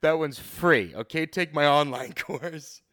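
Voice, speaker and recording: A man's voice: a little high, measured pace, a bit bright. A man co-hosting a casual comedic podcast, explaining things in a loose, rambling way. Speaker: podcast co-host.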